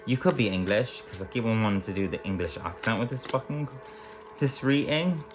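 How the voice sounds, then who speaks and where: A man giving a casual tarot reading to camera, rambling and repetitive with warm, affirming lists of praise. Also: fairly low pitch, expressive, brisk, over music. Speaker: tarot reader.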